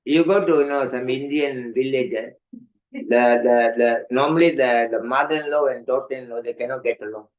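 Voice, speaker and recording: Older guy monk telling stories at evening class, animated, acts out the voices, keeps saying you know. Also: mid-range voice, normal speed, muffled recording. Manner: animated storyteller, acts out voices, laughs often, many "you know" fillers. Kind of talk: storytelling sermon.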